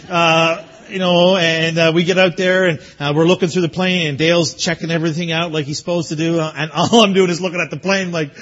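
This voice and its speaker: A man's voice: high-pitched, steady tone, fairly quick, fairly bright tone, muffled recording. A man preaching as pastor to graduates, telling a story with chuckles and then urging them earnestly. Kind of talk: sermon to graduates.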